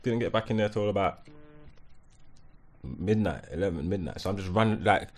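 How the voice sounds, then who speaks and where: A man telling a story in slangy casual chat on a podcast, getting animated as he goes. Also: low voice, normal speed, a crowd in the background. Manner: animated slangy storytelling, rising when worked up. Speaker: podcast co-host.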